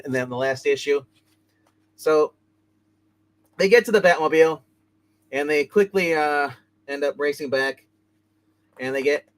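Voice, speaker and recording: A man hosting a casual comic book review, rambling through the plot with plenty of fillers and quick put-on character voices. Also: fairly high pitch, fairly bright tone, no echo.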